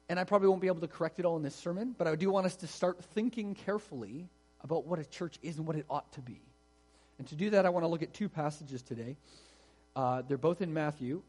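Husky-voiced man preaching conversationally. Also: on the high side, a little mellow. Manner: conversational, explanatory, emphatic. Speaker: pastor. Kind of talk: sermon.

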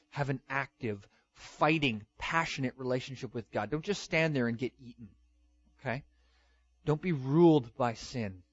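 A man's voice: medium pitch, no echo, lo-fi sound. A man preaching a sermon with emphatic delivery, often acting out the lines he quotes. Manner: emphatic, dramatic with acted-out quotes. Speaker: pastor.

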